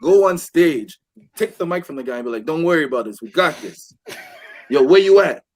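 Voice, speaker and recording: Animated storytelling man, high voice. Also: brisk. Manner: animated, swears a lot, acts out quotes. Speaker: podcast host. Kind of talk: casual storytelling among friends. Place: indoor podcast room with friends.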